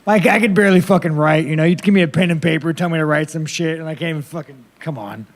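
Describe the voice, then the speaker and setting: A man with a slightly high, gravelly voice rattles off rough press-conference answers. He is blunt and profane and rambles from one thought to the next. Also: fast talker.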